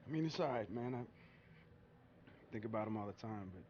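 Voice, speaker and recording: A man playing a quiet, grieving young player. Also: lowish voice, expressive, a little fast, highs cut off, background noise, lightly acted. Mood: reflective. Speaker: player in a career mode cutscene. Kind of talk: cutscene dialogue.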